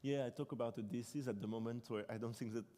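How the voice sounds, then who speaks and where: A young French man whose first language is French talks in English with a mellow, darker tone, reflective and halting, often circling back to restart a sentence. His voice carries the long reverb of a large hall. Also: medium pitch, fairly even intonation. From France. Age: 20s. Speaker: author being interviewed. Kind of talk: live stage interview. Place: debate hall on stage.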